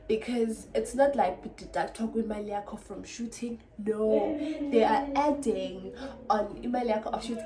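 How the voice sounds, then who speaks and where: A woman's voice: medium pitch, roomy sound, rough recording. Chatty South African woman vlogger. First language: Xhosa. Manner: chatty, animated retelling, switches between languages. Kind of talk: casual storytime.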